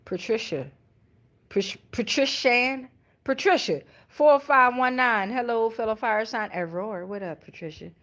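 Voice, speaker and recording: A woman's voice: fairly high pitch, expressive, normal speed, few pauses, a bit bright. A middle-aged woman, hosting a casual tarot livestream, reading chat comments in loose, profane slang and laughing often.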